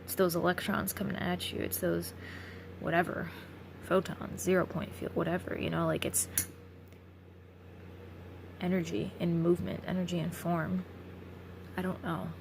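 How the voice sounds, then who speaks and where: A tired woman talks through a late-night philosophy ramble in a gravelly voice full of vocal fry. She drifts, trails off and swears freely as her thoughts wander. A faint hiss sits under her voice. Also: lowish voice, little pitch movement, normal speed, pauses often. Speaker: vlogger.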